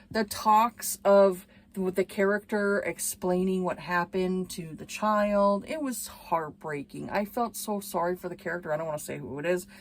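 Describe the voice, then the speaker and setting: A woman chatting casually in a book review video, lively and full of fillers, acting out lines from scenes she describes. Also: mid-range voice, a little hiss or hum. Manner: chatty and animated, acts out quoted lines, many fillers.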